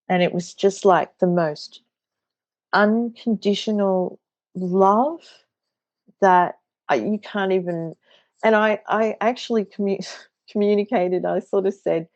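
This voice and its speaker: A woman's voice: medium pitch, slow pace, a little mellow, dry recording. An Australian woman in her thirties, a podcast guest, recounting a personal experience in an earnest, hesitant way with many restarts. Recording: dull lo-fi dry sound.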